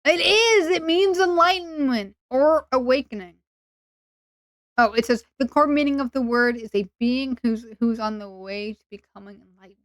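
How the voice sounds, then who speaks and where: Playful, self-mocking woman streamer with a smooth voice. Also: sits high, moderate pace, no room sound, clean studio sound. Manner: playful, rambling and self-mocking, with sudden loud whiny bursts. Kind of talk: casual live-stream chat.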